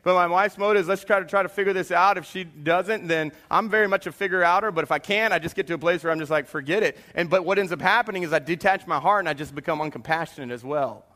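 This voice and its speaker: A man, preaching a sermon with animated bursts and hushed confessional moments. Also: fairly high pitch, fast, few pauses. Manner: animated preaching, drops to a quiet hush for confessions. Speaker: pastor.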